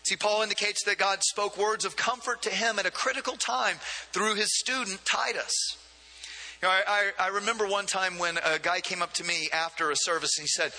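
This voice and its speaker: A man's voice: high-pitched, steady tone, a little fast, pushed and bright. A man preaching a sermon as pastor, in a conversational way with frequent asides and repeated words. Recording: long hall reverb.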